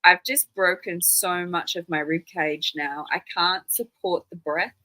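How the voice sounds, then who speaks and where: A woman's voice: on the low side, steady tone, a little slow, sharp tone, no echo, poor audio. A woman from Australia hosting a casual live stream, chatty and full of rambling anecdotes. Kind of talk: casual chat.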